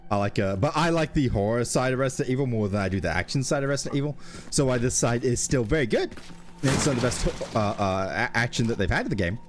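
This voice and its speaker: A man streaming a horror video game and chatting with a friend, excitable and swearing, laughing often. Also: medium pitch, quick pace, slight background noise. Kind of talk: casual gaming commentary.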